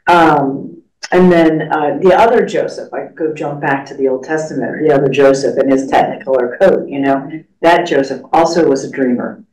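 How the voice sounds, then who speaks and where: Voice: mid-range voice, normal speed, a little mellow. Church study teacher, conversational, filler-heavy, echoey room, distant mic. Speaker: class leader. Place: church classroom.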